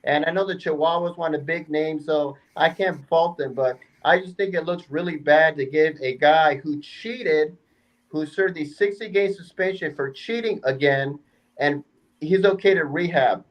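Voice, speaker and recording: A man's voice: on the high side, normal speed, highs cut off. A man on a sports talk panel giving an indignant, sarcastic rant.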